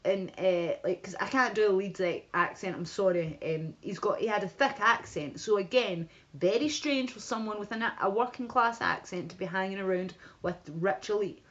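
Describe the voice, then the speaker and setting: A woman's voice: mid-range voice, normal speed, hardly any pauses. A woman chatting casually on a livestream, rambling with restarts and asides to her viewers. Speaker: livestream host. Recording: dull lo-fi stream audio.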